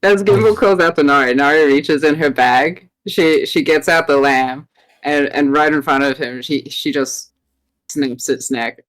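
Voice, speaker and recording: A woman's voice: low voice, unhurried, rough recording. A woman playing a tabletop game, chatting playfully and laughing often as she narrates her character's actions. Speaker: player.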